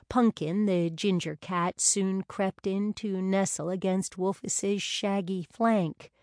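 A woman reads a novel aloud in a measured, unhurried way. Her voice sits on the low side and her pace is very slow. The recording is dry and close with no room sound. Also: a little mellow, dry recording. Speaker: audiobook narrator. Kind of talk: scripted narration.

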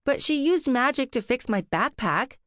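A woman's voice: on the high side, normal speed, dry recording, studio quality, voice pushed up, lightly acted. A woman voicing an anxious, impulsive teenage girl apprentice witch in an audiobook, sounding whiny and pleading.

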